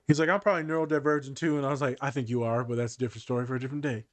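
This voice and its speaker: Animated male podcast host, dry sound. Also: mid-range voice, rapid-fire, dry recording. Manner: animated storyteller who acts out quoted dialogue. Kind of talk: casual podcast chat.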